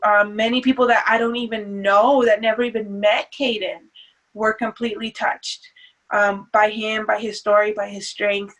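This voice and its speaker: A grieving mother speaks as a guest in an emotional interview, her mid-range voice fairly bright over poor audio. Earnest and faith-centered, she hesitates, restarting often and using many fillers.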